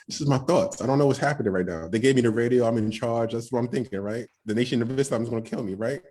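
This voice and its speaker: Husky-voiced man telling a tense story. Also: medium pitch, fast talker, hardly any pauses. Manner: excited, acts out quoted voices, frequent "right?". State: nervous, shaking. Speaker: podcast guest. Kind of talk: storytelling testimony.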